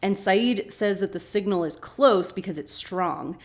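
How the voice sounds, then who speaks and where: A woman hosting a podcast, casually recapping a TV episode with animated, chatty asides. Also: medium pitch, a little slow. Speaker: podcast host.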